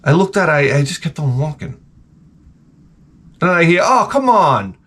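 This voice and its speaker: Animated ranting man. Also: a little high, normal speed. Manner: animated, swearing, storytelling. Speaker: video host. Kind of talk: comedic rant. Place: garage workshop.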